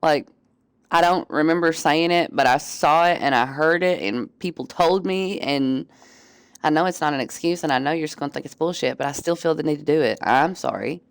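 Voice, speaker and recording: A woman's voice: low-pitched, normal speed, clear, resonant tone, dry recording, studio quality. A woman streamer chatting casually with her viewers, candid and profane, often laughing. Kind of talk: casual chat.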